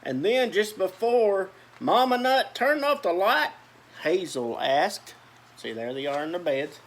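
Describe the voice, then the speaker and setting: A man's voice: sits high, sing-song, a little slow, a little hiss or hum. A man reading a children's picture book aloud, with chatty asides about the pictures. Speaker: storyteller.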